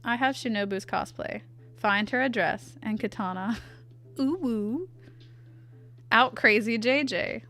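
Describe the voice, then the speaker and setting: Girl chatting with her stream while she draws, playful, kinda high and bright, faint music under it. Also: normal speed. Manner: playful, chatty, reacts to chat aloud. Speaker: artist streamer. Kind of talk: casual livestream chat while drawing.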